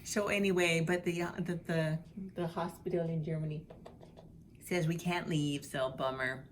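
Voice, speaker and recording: A middle-aged woman vlogs from indoors at home about her health journey, chatty and upbeat, slipping into cooing baby talk with her cat. Her voice is deep with fairly even intonation and a normal speed, and there's slight background noise.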